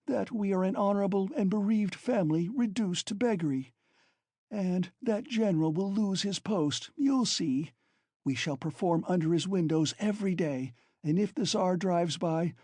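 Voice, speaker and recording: Male reader doing a desperate consumptive mother, high and shrill, breathless rapid rants, dry close read. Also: a little mellow, slightly rough, dry recording. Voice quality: panting and coughing. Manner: rapid, frantic, shrill outbursts. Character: frantic, proud, consumptive impoverished mother. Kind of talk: audiobook character reading.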